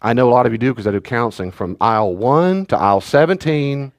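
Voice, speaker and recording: A man, a pastor teaching a church study class in a relaxed, conversational way with joking asides to the group. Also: mid-range voice, fast talker.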